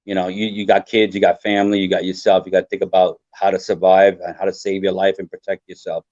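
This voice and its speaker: Older male guest, low voice, earnest and rambling, dry dull lo-fi audio. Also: little pitch movement, fast, darkish tone, no room sound. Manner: earnest, rambling, repeats himself. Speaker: guest survival expert. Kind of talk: casual podcast talk.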